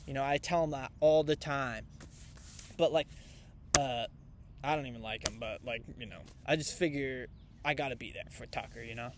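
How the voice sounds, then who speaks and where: A man's voice: medium pitch, moderate pace, heavy background noise. A young man rambling casually and irreverently to camera in a vlog, with many fillers. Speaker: vlogger reviewing piano books. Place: outdoors.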